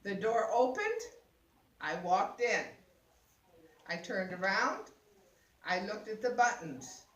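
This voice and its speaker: An older woman telling a lively personal story, laughing often and acting out what people said. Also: medium pitch, slow. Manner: laughing, exclaiming, acts out voices. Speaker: guest sharing a personal story. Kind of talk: animated storytelling. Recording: roomy sound, mic at a distance.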